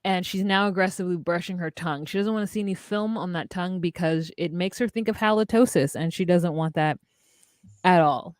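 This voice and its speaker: A woman's voice: lowish voice, fairly quick, a little mellow, no echo, clean studio sound. A woman co-hosting a casual recap podcast, chatty and wry, telling the story with asides. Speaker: podcast co-host recapping a reality show. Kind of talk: casual chat.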